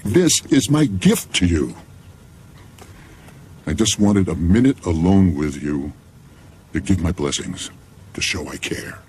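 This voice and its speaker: Sitcom: pleading low-voiced ex, slow, lively intonation. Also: male voice, a little hiss or hum. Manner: pleading, earnest. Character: wheedling ex-husband man, needy. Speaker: sitcom character.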